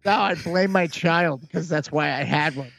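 Gravelly high-pitched man teasing his co-host. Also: normal speed, a bit bright, no room sound. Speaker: podcast co-host. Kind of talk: casual banter.

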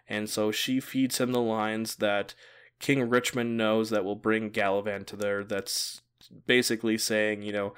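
A man's voice: fairly low pitch, clean tone. A man chatting casually as a podcast host, recapping a show and laughing often as he goes. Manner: chatty, laughs often, acts out quoted lines. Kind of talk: casual chat.

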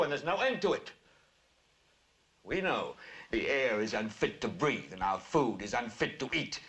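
An actor playing a furious middle-aged TV news anchor, preaching on air and building to shouts. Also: male voice, mid-range voice. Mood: brooding. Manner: impassioned, preaching, rising to shouts. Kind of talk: film acting.

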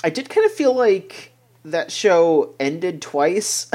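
A man's voice: high-pitched, big pitch swings, slow pace, a little mellow. A young man talking casually about a show he watched, rambling with lots of fillers and restarts. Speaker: podcast co-host. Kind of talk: casual chat reviewing an anime.

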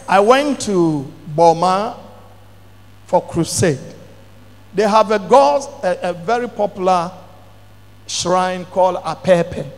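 A middle-aged male pastor, telling a testimony in a sermon with dramatic bursts of shouting. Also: sits high, expressive, slow, pauses often. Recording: long hall reverb.

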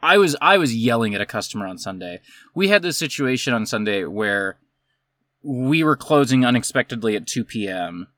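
A man's voice: mid-range voice, moderate pace, no room sound, studio quality. A man co-hosting a casual podcast, telling stories from managing a coffee shop and acting out both sides of the arguments. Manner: animated storyteller who acts out both sides of a dispute. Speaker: podcast co-host. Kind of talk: casual chat, storytelling.

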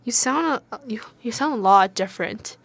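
A woman's voice: on the high side, lively intonation, moderate pace, gravelly, a bit bright, slightly rough, no echo. Curious young woman in casual chat. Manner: curious, questioning, lots of fillers. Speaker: podcast co-host.

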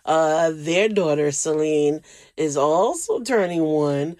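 A man's voice: on the high side, lively intonation, slow, a little mellow, dry recording. Emotional rambling man hosting a podcast. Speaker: podcast host. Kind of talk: casual solo podcast chat.

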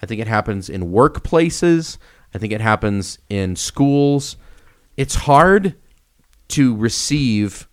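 A young man co-hosting a casual podcast, telling stories with lively swings and acting out the voices in them. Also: fairly low pitch. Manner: animated storyteller, acts out quoted voices. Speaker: podcast co-host.

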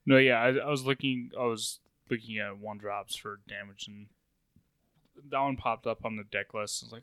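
A man's voice: lowish voice, fairly even intonation, normal speed, fairly bright tone, dry recording. A man co-hosting a podcast, running steadily through tournament results in a casual way, his voice wearing out. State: voice going out. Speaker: podcast co-host. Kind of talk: casual chat, reading results.

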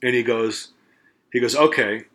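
A man's voice: medium pitch, normal speed, fairly bright tone. A middle-aged man and podcast co-host telling a story in casual chat, rambling and swearing freely, and acting out the voices of the people he quotes.

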